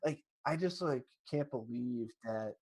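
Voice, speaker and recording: Rambling excited sports podcast guy. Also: mid-range voice, unhurried, dry recording. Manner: rambling, restarts a lot, excited storytelling. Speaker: podcast co-host. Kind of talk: casual sports chat.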